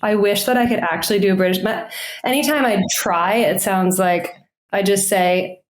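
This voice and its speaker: A woman's voice: mid-range voice, moderate pace. An American woman with a mid-range voice appears as a podcast guest and teacher of yoga and meditation. She talks eagerly and chattily, sprinkling in "like". Her voice carries a roomy echo. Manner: chatty and eager, many "like" fillers. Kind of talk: casual podcast interview. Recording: roomy, echoey room sound.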